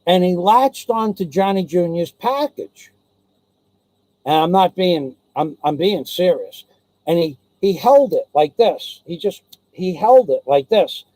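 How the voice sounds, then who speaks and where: A man's voice: high-pitched, expressive, a little slow, dark tone, no echo, poor audio. A man telling a casual personal anecdote, rambling and digressive with many restarts, blunt and salty in his talk. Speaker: storyteller.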